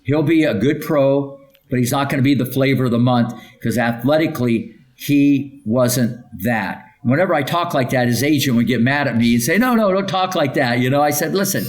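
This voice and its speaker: A man's voice: medium pitch, moderate pace. An older man and tennis coach telling stories in a podcast interview, emphatic and punchy, rattling off lists of names and checking in with "okay?".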